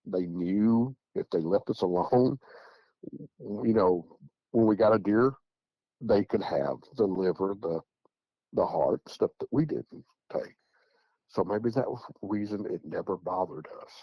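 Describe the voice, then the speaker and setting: A man's voice: lowish voice, measured pace, warm tone, husky, no room sound, poor audio. A man telling a story in casual, rambling fashion, often repeating words as he goes. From Tennessee. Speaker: eyewitness guest.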